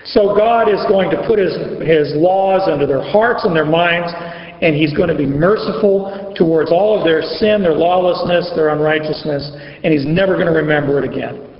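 High-voiced man preaching in an echoey hall. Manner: conversational, reads scripture with on-the-fly rephrasing, emphatic, chuckles. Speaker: Bible teacher. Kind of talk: verse-by-verse sermon. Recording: echoey long-reverb hall, dull lo-fi sound.

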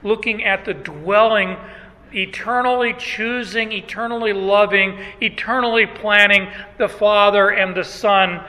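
A high, very bright male voice preaches with emphatic, rhetorical energy. He leans hard on key words and slows them down. His voice carries a long reverb tail from a large hall. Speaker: pastor. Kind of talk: sermon.

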